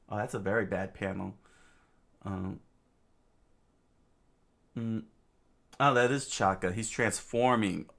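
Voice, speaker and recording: A man reading a comic aloud in a casual, halting way, with many fillers and asides about the panels. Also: on the low side, creaky, fairly bright tone. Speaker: reader of a comic.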